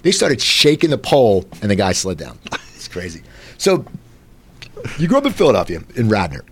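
A man in his late forties hosts a casual chat show and tells his stories in a rambling way, restarting his sentences again and again. His voice sits a little low, but its pitch swings widely as he talks, and he speaks fast. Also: breathy edge. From New Jersey. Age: 40s. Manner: rambling, animated storytelling with many restarts. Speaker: host.

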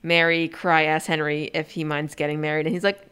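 Dry, slightly low-voiced young woman. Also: flat delivery, brisk, a bit bright, clear, resonant tone. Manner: dry, sarcastic asides. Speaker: podcast co-host. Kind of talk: casual chat recapping a movie.

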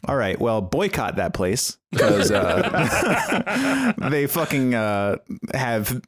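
A middle-aged man, co-hosting a casual podcast and telling a story with lots of swearing and acted-out shouting. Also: medium pitch, drawn-out words, breathy edge. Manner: animated storyteller, swears freely, acts out shouting fans. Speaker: podcast co-host.

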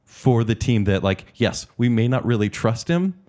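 A man's voice: medium pitch, expressive, normal speed, warm tone. A man co-hosting a casual podcast chat about movies, enthusiastic and talking in long runs. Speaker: podcast co-host.

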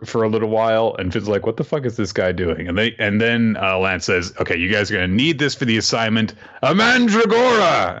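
A man with a fairly low but bright, forceful voice chats loosely through a story recap, hopping into quick quoted voices for the characters. The sound is dull and lo-fi, like a modest home podcast setup. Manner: rambling, quoting characters in quick shifts of voice. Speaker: podcast host recapping an anime episode. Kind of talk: casual chat.

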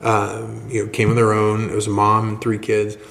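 A man co-hosting a podcast, telling a church story in a rambling, halting, excited way. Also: fairly low pitch, vocal fry. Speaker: podcast co-host, church member. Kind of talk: casual storytelling chat. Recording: roomy echo.

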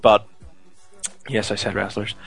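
A man's voice: fairly low pitch, measured pace, creaky, breathy edge, soft background music, poor audio. A man co-hosting a casual podcast, telling stories with lots of fillers. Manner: chatty, steady storytelling with many fillers. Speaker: podcast co-host. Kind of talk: casual chat.

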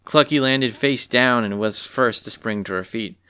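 A man narrating a storybook with an animated, expressive reading. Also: medium pitch, moderate pace, clear, resonant tone. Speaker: story reader.

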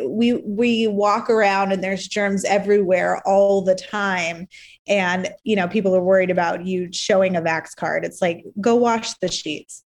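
A woman co-hosting a talk show, speaking quickly and emphatically with an exasperated tone. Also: medium pitch. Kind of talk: casual opinion chat.

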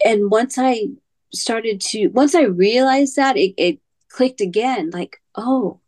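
A woman as a podcast guest, telling a personal story in a halting way, repeating words and sometimes dropping to a near-whisper. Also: fairly high pitch, darkish tone.

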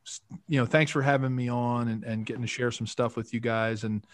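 In a dry, close recording, a chatty man in his fifties from the Philadelphia area spins long stories from his football days. He talks in a loose, rambling way and leans on "you know" again and again, at an ordinary pitch. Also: steady tone, brisk, dry recording. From Philadelphia area, USA. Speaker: guest, former pro football player. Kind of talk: casual storytelling interview.

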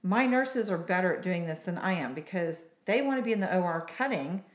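A woman who works as a nurse injector, hosting a casual podcast chat in an animated, chatty way and laughing often. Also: fairly low pitch, fairly quick. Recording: roomy echo.

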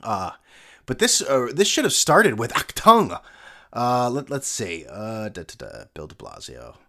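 A man's voice: medium pitch, huge pitch swings, a little slow, gravelly, a bit bright. A middle-aged man hosting a casual solo podcast, rambling and sarcastic, putting himself down. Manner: sarcastic, rambling, self-mocking. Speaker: podcast host.

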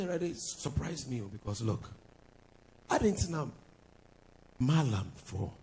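A Ghanaian-accented pastor with a fairly high, husky voice preaches a sermon. He uses sing-song lines and laughing asides, moving back and forth between English and Twi.

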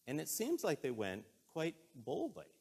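A man preaching a sermon in a relaxed, conversational way, telling a story earnestly and with emotion. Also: a little high, moderate pace, creaky, slightly rough.

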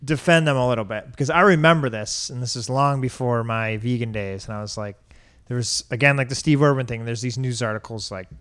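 Casual, frank man with a smooth voice. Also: mid-range voice, a little fast, a bit bright. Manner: rambling, frank, laughs easily. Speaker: podcast co-host. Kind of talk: casual chat.

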